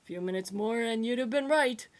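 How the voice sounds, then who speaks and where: A woman voicing a gravelly old male space scavenger who talks in a lecturing, know-it-all way. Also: a little high, normal speed, pitched above the performer's own voice, lightly acted.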